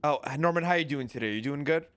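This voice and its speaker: A man's voice: on the high side, fast talker, fairly bright tone, clear, resonant tone, no room sound. A man playing a pushy lawyer in role-play court, arguing with theatrical objections.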